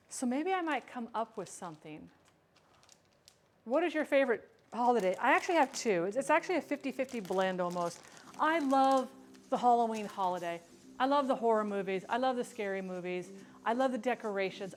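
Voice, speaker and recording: A woman hosting a cooking livestream, chatting casually while she cooks and reads viewer questions aloud, playful and self-mocking. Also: mid-range voice.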